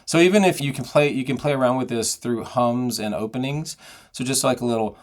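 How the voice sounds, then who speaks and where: A man's voice: medium pitch, a little fast. A middle-aged man giving a singing lesson, explaining and demonstrating vocal technique. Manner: explanatory, demonstrates sounds and sung phrases. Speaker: singing voice teacher.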